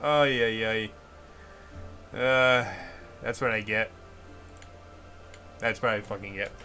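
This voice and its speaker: A man's voice: fairly low pitch, fairly even intonation, takes it slowly, pushed and bright, faint music behind. A young man from the United States who hosts a casual livestream, rambling and ranting with frequent swearing. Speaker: livestream host.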